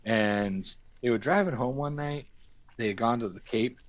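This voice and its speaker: This storyteller on a casual stream has a medium-pitched voice at normal speed and delivers a profane, animated anecdote, acting out what people said. The audio is dull.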